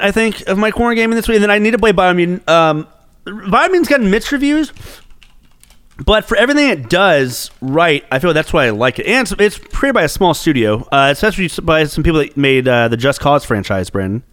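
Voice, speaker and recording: A man's voice: high voice, lively intonation, brisk, a bit bright, clear, resonant tone, no room sound. A man co-hosting a gaming podcast in casual chat, swearing often and rambling bluntly. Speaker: podcast co-host.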